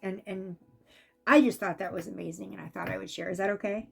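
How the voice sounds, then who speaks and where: A woman giving a casual spiritual reading as an intuitive reader, chatty and animated when she acts out what spirits say. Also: mid-range voice, fairly quick, gravelly, slightly rough.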